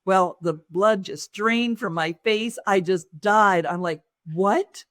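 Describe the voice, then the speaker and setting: A woman's voice: medium pitch, slow, dry recording, clean studio sound. A woman, an author and business owner, telling a personal story in an interview and acting out other people's lines as she goes.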